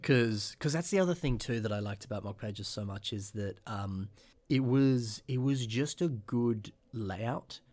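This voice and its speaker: A man in his twenties chatting casually as a podcast co-host, telling long rambling stories and acting out remembered quotes, clearing a rough morning throat. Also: mid-range voice, unhurried, a little mellow. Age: 20s. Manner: rambling storyteller who acts out remembered quotes. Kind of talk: casual chat.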